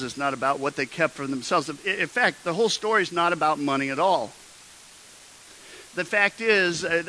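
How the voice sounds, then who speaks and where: Guy preaching, tells the story all animated, kinda high bright voice, bit of hiss. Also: low-quality recording. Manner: animated storytelling with jokes and acted-out quotes. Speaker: pastor. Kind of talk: sermon. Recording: faint hiss.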